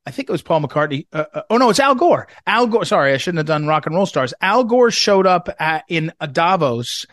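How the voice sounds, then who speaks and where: A man's voice: fairly high pitch, sing-song, a little fast, few pauses, a bit bright, dry recording, clean studio sound. A man hosting a talk radio show, rambling with many fillers and restarts as he interviews a guest.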